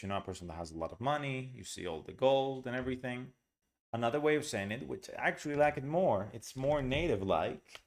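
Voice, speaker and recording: Chatty man teaching English reading. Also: lowish voice. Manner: chatty, explains words and pronunciation as he reads. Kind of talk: casual reading lesson.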